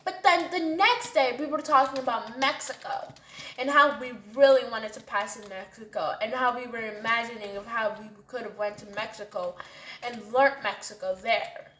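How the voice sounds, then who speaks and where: A woman's voice: a little high, normal speed, a bit bright. A woman narrating a storytime in a chatty, casual way. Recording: roomy echo.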